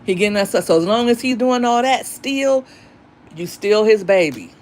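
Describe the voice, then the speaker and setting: A woman's voice: mid-range voice, expressive, moderate pace, darkish tone. A middle-aged woman and single mother talking candidly and emphatically about dating and raising daughters, in a casual monologue.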